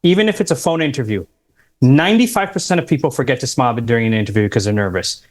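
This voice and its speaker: A man's voice: medium pitch, lively intonation, quick pace, darkish tone. Emphatic man giving interview advice. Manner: emphatic, instructive, quotes interview lines. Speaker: career coach guest. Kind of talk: advice-giving podcast talk.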